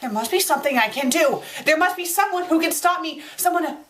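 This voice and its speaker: A high, bright woman's voice that rises and falls with wide swings. She hosts a comedic fanfic review and plays it melodramatic, lurching from shouted outbursts to whispered self-soothing. The delivery stays theatrical and unhinged. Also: lively intonation, fast, slight background noise. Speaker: fanfic reviewer, show host.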